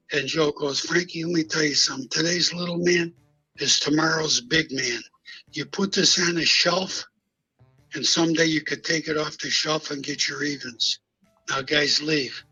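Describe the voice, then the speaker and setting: An older man tells a hard street story on a live stream in a slightly high, breathy, tense voice. His telling is blunt and salty, with every line of dialogue acted out in quick exchanges. Faint music sits behind him. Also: steady tone, pushed and bright, rough recording. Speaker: guest recounting mob history.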